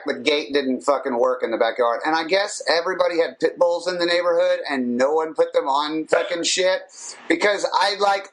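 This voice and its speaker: A man co-hosting a podcast in casual chat, telling stories in a profane, animated way and laughing often. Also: fairly high pitch, low-quality recording. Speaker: podcast co-host.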